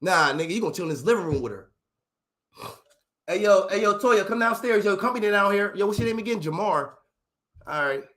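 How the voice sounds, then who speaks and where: A man's voice: high voice, animated, a little fast, long pauses, fairly bright tone. A man voicing a nosy streetwise father who bluntly questions his daughter's date and swears through it. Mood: suspicious. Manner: blunt, suspicious, profane questioning.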